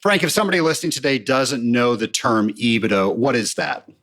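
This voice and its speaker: A man hosting a podcast interview, setting up long, measured questions for his guest. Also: medium pitch, animated, fairly bright tone. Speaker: podcast host.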